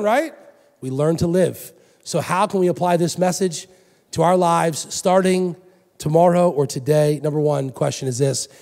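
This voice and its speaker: A middle-aged man preaching a sermon as pastor in a church, animated, swinging from loud emphatic lines to soft hushed ones. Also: fairly high pitch, creaky. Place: church sanctuary. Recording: long hall reverb.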